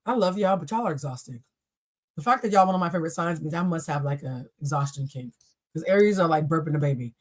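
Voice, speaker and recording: A woman's voice: low voice, fast. A young adult woman hosting a live tarot reading, answering chat questions in a blunt, profane and playful way. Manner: blunt, profane and playful, addressing viewers as y'all. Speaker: tarot reader and live stream host.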